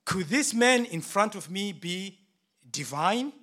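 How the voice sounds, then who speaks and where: A preacher voicing Pilate in a first-person sermon monologue, theatrical and rising to loud indignant outbursts. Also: male voice, high-pitched, animated, slow pace, full character voice. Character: Roman governor Pilate, a frustrated, defensive man. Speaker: preacher in character.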